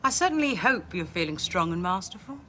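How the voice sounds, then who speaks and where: An actress playing a flirtatious wife in a 1980s TV soap, with a teasing, playful manner. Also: female voice, fairly low pitch, very animated, a little fast, bright, forceful tone, a little hiss or hum. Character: flirtatious wife seducing her husband.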